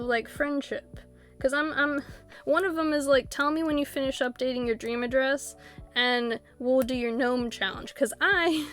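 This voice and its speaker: A high-pitched woman chats to her live-stream audience while she plays, rambling from one thing to the next. She laughs often and acts out excited little quotes. Faint music plays underneath. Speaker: Twitch streamer. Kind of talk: casual live-stream chat.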